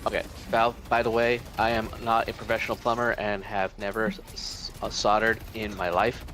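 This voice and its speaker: A man co-hosting a live game stream, reading chat messages aloud in a halting, hesitant way. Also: lowish voice, level tone, fairly bright tone, slight background noise.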